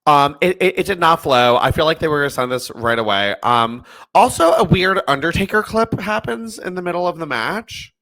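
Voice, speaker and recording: A man's voice: on the high side, lively intonation, normal speed, few pauses, a bit bright. A man co-hosting a podcast in casual chat, laughing often and filling gaps with ums. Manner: chatty, laughs often, many fillers. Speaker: podcast co-host.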